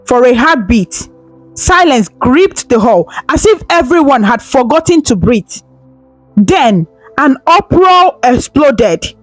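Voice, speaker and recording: A woman narrating a folktale in a dramatic, expressive way. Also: high-pitched, slow pace, no room sound, faint music behind, low-quality recording. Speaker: storyteller.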